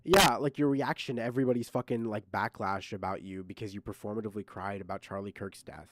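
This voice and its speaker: A man's voice: fairly low pitch, steady tone, quick pace, fairly bright tone, dry recording, rough recording. A man streaming, giving casual reaction commentary in heated, mocking, profane rants.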